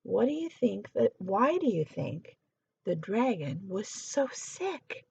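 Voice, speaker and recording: A woman reading a children's story aloud, animated, pausing to ask the young listener questions. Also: mid-range voice, gravelly, husky, dry recording, low-quality recording.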